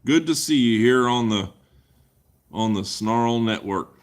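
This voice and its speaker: A man hosts a casual livestream Q&A, rambling and cracking crude jokes as he answers viewers in chat. His voice is mid-range and a little slow.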